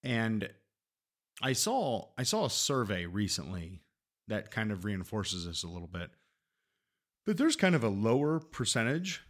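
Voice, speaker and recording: A man co-hosting a podcast, chatting in a relaxed, wry, teasing way. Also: fairly low pitch. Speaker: podcast co-host. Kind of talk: candid casual chat.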